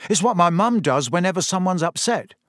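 An awkward teenage boy, offhand and a little hesitant, as a male narrator puts him on. His voice is pitched up from the reader's own and recorded dry and close, like a storybook reading. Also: animated, brisk, fairly bright tone, no room sound.

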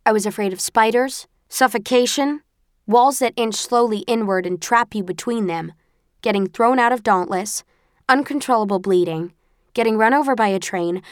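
A woman's voice: medium pitch, clear, resonant tone, dry recording, clean studio sound, natural voice. A woman voicing a blunt, stern female instructor. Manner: blunt, matter-of-fact.

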